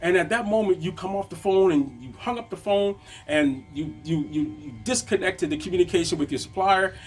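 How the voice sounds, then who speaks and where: Brief: male business coach, slightly high voice, chatty lesson delivery, soft music beneath. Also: brisk. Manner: conversational, frequent tag questions "right?". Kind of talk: motivational lesson.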